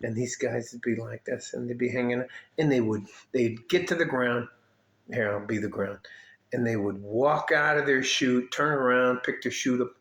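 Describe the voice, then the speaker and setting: An older man from Detroit, telling old army stories in a loose, rambling, profane way. His voice sits at a middle pitch, and he keeps breaking off for asides and throat clearing. The room around him is echoey. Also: fairly even intonation, moderate pace, a bit bright. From Detroit, USA. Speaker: army veteran storyteller. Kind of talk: rambling casual storytelling.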